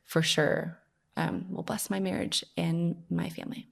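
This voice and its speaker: A young woman, a podcast guest, telling her personal story in a lively, conversational way. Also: fairly low pitch, measured pace, gravelly. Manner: animated storytelling, acts out her own past voice.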